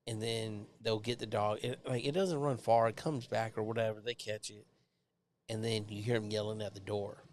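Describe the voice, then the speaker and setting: A man's voice: mid-range voice, fairly even intonation, normal speed. A man, telling a rambling, profane story on his live show and mimicking neighbors in raised voices.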